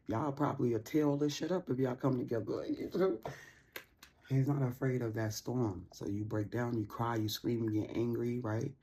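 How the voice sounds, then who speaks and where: A woman hosts a casual tarot reading vlog in a mellow, husky, rumbling low voice at normal speed. She speaks in loose, slangy bursts, alternately teasing and encouraging. Her delivery is playful and animated.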